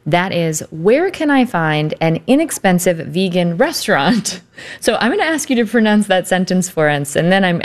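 A woman's voice: fairly low pitch, clean tone. Upbeat woman hosting a studio interview. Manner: upbeat, guiding guests through phrases. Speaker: show host.

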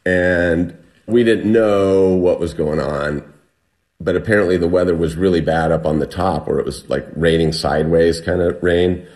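A middle-aged man telling a survival story in conversation, animatedly acting out the things people shouted. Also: sits low, moderate pace. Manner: animated retelling, acts out shouted quotes.

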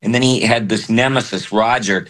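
Earnest man, lowish voice, stops and restarts a lot, opening up in an interview. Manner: halting, earnest, soft-spoken. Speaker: voice actor, guest. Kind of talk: candid interview talk.

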